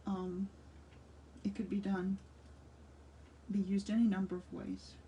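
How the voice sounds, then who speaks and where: A woman's voice: mid-range voice, flat delivery, takes it slowly, mellow, distant mic. A woman in her sixties chatting enthusiastically as she demonstrates a craft, thinking aloud while she works. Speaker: art instructor. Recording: voice slightly off-mic with faint room noise.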